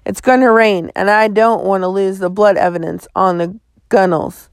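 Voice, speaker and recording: A woman reading a stern male sheriff who gives brisk orders at a crime scene. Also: mid-range voice, fairly even intonation, no room sound, clean studio sound, natural voice. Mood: businesslike. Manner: commanding, brisk.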